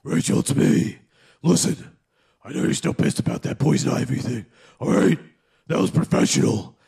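A hotheaded caped crusader with a crushed, gravelly growl that has no clean tone left in it. He rants and pleads into a comedy voicemail, his pitch swinging up and down as he swears. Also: expressive, moderate pace, dark tone, full character voice. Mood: ranting.

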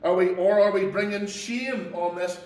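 A man's voice: sits high, moderate pace. A man with a Northern Irish accent, a pastor giving an earnest, folksy sermon. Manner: earnest, folksy, animated preaching. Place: church. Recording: echoey church from a distance.

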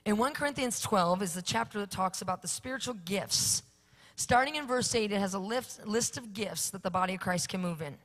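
A woman's voice: mid-range voice, brisk, a bit bright. A woman preaching a sermon with an emphatic, repetitive cadence.

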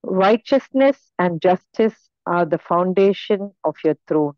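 A listener who mostly gives brief affirmations and reads a scripture verse aloud slowly. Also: mid-range voice, animated, no echo. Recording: dull lo-fi sound.

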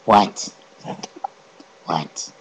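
A man's voice: very slow, a little hiss or hum, low-quality recording. A young man doing goofy, mock-dramatic commentary while playing a game, often dropping to a whisper. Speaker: gamer recording a video.

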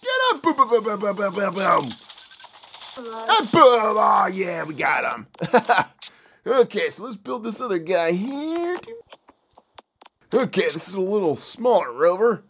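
A performer voicing an excitable, giggly male puppet who hosts a kids' game play show, laughing often and making boom and beep sounds. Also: measured pace, pauses often, slightly rough, heavily acted. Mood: giddy. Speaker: host. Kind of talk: game play commentary for kids.

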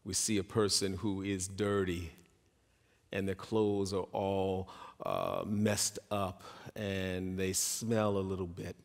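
Low-voiced preacher in a reverberant hall. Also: male voice, animated, slow, vocal fry. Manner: storytelling, acts out quoted voices in a raised pitch. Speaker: pastor. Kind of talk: sermon.

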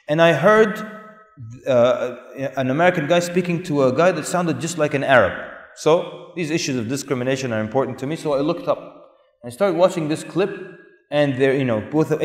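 Guy preaching to a crowd, asks them stuff, drops arabic words, big echoey hall. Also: mid-range voice. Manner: conversational, asks the audience questions; sprinkles Arabic words into English. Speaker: Islamic speaker. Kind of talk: lecture to a live audience.

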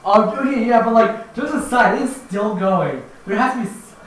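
A young man doing casual esports commentary as a bemused newcomer who breaks into excited shouts. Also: high voice, normal speed. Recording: roomy echo with faint noise.

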